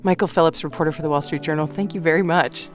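A radio interview host asking short, brisk follow-up questions. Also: mid-range voice, steady tone, faint music behind.

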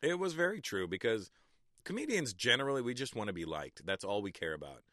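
A man's voice: lowish voice, sing-song, fairly quick, sharp tone, dry recording, studio quality. A Canadian man in his forties, a comedian guest in a radio interview, talking in a laid-back, candid and blunt way.

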